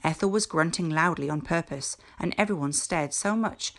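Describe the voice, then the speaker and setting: A woman teacher reading a children's book aloud in a clear, measured storytelling voice. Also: sits low, fairly bright tone.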